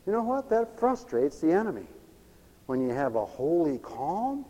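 A man preaching with a raised, animated voice that swoops high and low. He moves from loud exclamations to near-whispers, drops folksy asides and laughs between lines. The sound rings with long reverb from a church hall. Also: normal speed. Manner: animated, swings from loud to hushed. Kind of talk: lively sermon.

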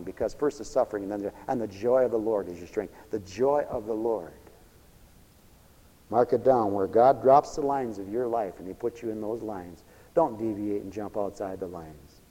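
A man preaching a sermon, swinging from low murmured asides to loud emphatic bursts. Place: church, also broadcast on radio. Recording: long hall reverb.

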